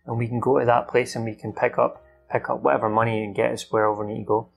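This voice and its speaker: Young male host, gravelly, swears and acts out lines, unscripted recap. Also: mid-range voice, little pitch movement, fast, soft background music. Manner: rambling, swears freely, acts out the characters' lines. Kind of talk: unscripted film recap from memory.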